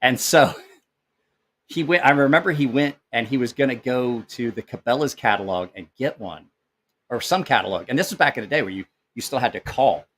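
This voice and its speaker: A man's voice: mid-range voice, normal speed, fairly bright tone. Rambling, profane man chatting live. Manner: rambling storyteller who swears freely. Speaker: knife channel host. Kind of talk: casual live-stream chat, reading comments.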